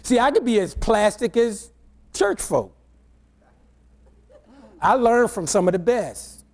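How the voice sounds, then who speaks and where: A man's voice: high voice, animated, slow. A middle-aged male pastor preaching by telling a humorous personal story in a conversational way, often stammering and restarting his words.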